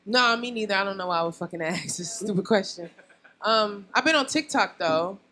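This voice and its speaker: A young woman doing a loud, brash, profane stand-up comedy set on a bar stage. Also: mid-range voice, expressive, fairly quick, rough recording. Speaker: stand-up comic.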